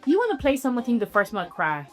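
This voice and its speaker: A woman from Jamaica chatting casually in a reaction video, excitable and quick to laugh. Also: on the high side, soft background music. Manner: excitable, laughing, mock-dramatic quoting.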